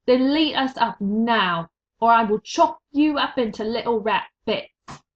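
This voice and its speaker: A woman reading aloud voices a rough, simple young serving girl who talks high, loud and shrill, with a rustic way of speaking. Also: unhurried, natural voice. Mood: defiant. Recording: dull lo-fi recording.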